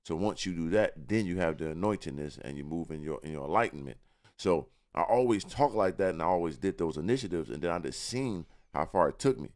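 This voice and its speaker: A man's voice: very deep voice, expressive, fast talker, hardly any pauses, a little mellow. A man in a casual podcast interview, talking about himself with confidence and often repeating words as he searches for the next one. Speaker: guest.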